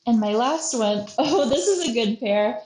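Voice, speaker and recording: A bright-voiced woman leads a children's art lesson in a roomy, echoing space. She plays along with every face she shows, acting out little voices as she goes. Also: fairly high pitch, lively intonation, unhurried. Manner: playful, acts out faces and voices. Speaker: museum educator.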